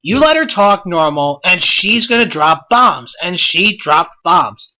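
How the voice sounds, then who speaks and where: Bright-voiced man ranting on a podcast. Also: sits high, sing-song, slow pace. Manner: exasperated, blunt, rhetorical questions. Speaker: podcast host. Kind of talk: ranting wrestling commentary podcast.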